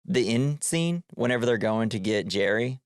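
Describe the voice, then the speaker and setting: A man's voice: mid-range voice, expressive, moderate pace, clear, resonant tone, no room sound, clean studio sound. A man from Tennessee hosting a casual movie podcast, chatty and jokey, laughing often. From Tennessee, USA. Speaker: podcast host.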